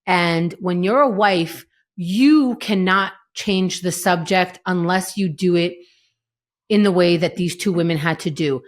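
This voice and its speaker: A woman's voice: fairly low pitch, measured pace. A woman co-hosting a podcast, chatting casually and animatedly retelling TV scenes, slipping into characters' lines. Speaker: podcast co-host. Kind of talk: casual chat recapping a TV episode.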